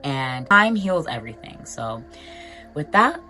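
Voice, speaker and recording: A young woman with a notably low-pitched voice speaks in a casual motivational vlog. Her delivery is earnest and encouraging, loose and chatty, addressed straight to her viewers. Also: big pitch swings, a little slow, bright, forceful tone, soft background music. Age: young adult. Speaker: vlogger.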